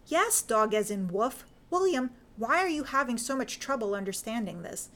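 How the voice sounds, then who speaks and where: Brisk teasing lady detective, impatient with her partner, woman reading her in a story. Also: on the high side, animated, fairly bright tone. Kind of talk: fan fiction audiobook reading.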